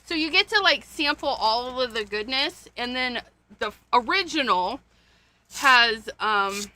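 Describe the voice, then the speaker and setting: A woman's voice: on the high side, lively intonation, unhurried, pushed and bright. A woman hosting a casual card-making livestream, chatting to viewers while she rummages through paper and supplies, with frequent gasps and little laughs.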